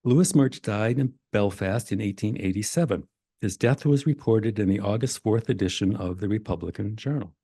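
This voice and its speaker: An older man from Maine giving a relaxed genealogy talk in a library, reading old records aloud with self-deprecating asides. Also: fairly low pitch, normal speed, breathy edge, dry recording, studio quality. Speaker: genealogy presenter. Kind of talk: library presentation to a society audience. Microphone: presenter mic in a library meeting room.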